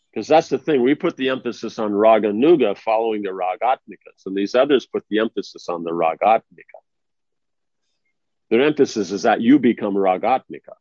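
A man's voice: medium pitch, darkish tone, no echo. Man teaching in a conversational discourse. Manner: conversational, asks listeners if they follow. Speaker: spiritual teacher. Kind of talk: informal religious discourse. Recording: dry, slightly dull lo-fi recording.

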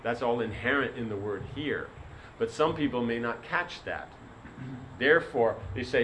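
Male spiritual teacher, rambling sermon, mid-pitched, faint background noise. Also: expressive, normal speed, fairly bright tone, low-quality recording. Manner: rambling, many fillers like "you know". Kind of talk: sermon with a told story.

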